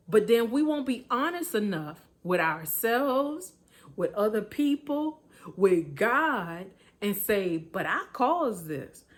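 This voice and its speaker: A woman giving a motivational talk in a preaching style, emphatic and colloquial, repeating her points and chuckling now and then. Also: medium pitch. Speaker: motivational speaker.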